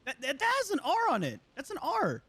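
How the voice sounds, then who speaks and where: A man with a high voice commentates his game stream, his pitch swinging widely as he talks. His speech is loose and casual, packed with slang, fillers and the odd curse. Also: fairly quick. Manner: animated, casual slang and swearing, many fillers. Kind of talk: let's play commentary.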